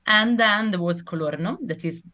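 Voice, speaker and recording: Young Italian woman, low register, casual storyteller, second-language English. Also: normal speed, pushed and bright. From Italy. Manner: chatty storytelling, laughs often, acts out quotes. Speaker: rugby player guest. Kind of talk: casual interview chat.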